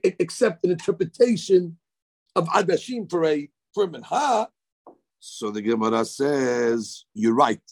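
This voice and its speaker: A man's voice: high voice, creaky, a little mellow, husky. A man giving a daily Talmud lecture, explaining animatedly with frequent stammered restarts. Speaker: Talmud teacher.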